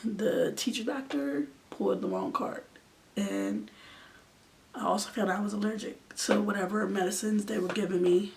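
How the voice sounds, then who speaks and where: This twenty-something vlogger shares an emotional story with sincerity, occasionally sinking nearly to a whisper. She speaks at a medium pitch with a gravelly texture, recorded from a distance with a little background noise.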